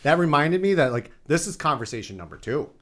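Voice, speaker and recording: A man's voice: fairly high pitch, sing-song, brisk, a crowd in the background. A man in his thirties, a podcast co-host, venting in casual chat and swearing freely as he tells a frustrating story.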